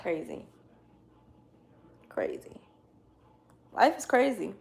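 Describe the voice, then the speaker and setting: A woman's voice: mid-range voice, normal speed, gravelly, slight background noise. A young woman telling a casual story to her viewers, loose and slangy, with frequent swearing and laughter. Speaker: tarot reader.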